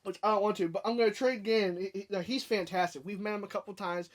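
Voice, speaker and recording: A man's voice: sits high, fairly even intonation, fast talker. A man guesting on a casual podcast, who stammers and repeats words and laughs often.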